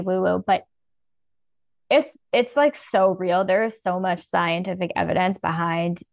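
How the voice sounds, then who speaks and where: Speaking in a lowish register with no echo, a woman leads a breathing practice in a relaxed, conversational way. She sounds calm and sincere, peppering her guidance with plenty of "like."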